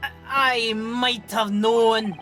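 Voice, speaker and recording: Woman putting on a gruff Scottish prison governor. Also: on the high side, steady tone, extremely slow, a bit bright. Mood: gruff, suspicious. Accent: put-on general Scottish. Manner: blustering, suspicious. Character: gruff middle-aged male Scottish prison governor, hostile. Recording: game music behind.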